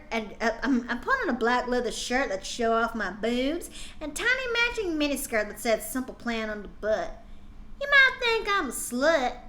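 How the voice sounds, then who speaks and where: A woman's voice: high-pitched, sharp tone, a little hiss or hum. A woman streamer reading cringe fan fiction aloud on a live stream, breaking off with exasperated, sarcastic asides.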